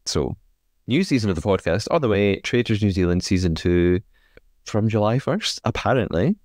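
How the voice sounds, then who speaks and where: A man's voice: on the low side, lively intonation, normal speed, darkish tone, dry recording, studio quality. A man hosting a chatty podcast, with a hesitant way of talking full of ums and uhs and easy laughter. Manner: filler-heavy, hesitant, laughs often. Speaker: podcast host. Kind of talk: casual chat.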